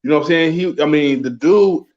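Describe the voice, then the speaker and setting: A man's voice: fairly high pitch, brisk, darkish tone, muffled recording. A young adult man co-hosting a casual fight podcast, slangy and profane, calling his partner homie and bro. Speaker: podcast co-host. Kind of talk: casual sports chat.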